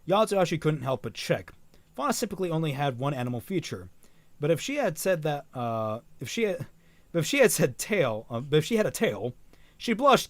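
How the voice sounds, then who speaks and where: A man's voice: a little high, big pitch swings, fairly quick, no echo. A man reading a fan story aloud on a stream, correcting himself often and dropping casual, profane asides.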